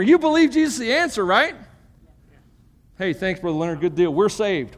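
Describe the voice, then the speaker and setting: A man preaching a sermon to a congregation, animated and emphatic, with joking asides between his points. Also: high voice, a little fast, pauses often. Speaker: pastor. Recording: long reverb of a large hall.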